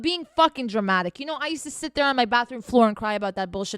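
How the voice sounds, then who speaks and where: A woman's voice: a little high, expressive, quick pace, fairly bright tone, no echo, clean studio sound. A young woman giving blunt, profane, sarcastic motivational advice as a self-help podcast host.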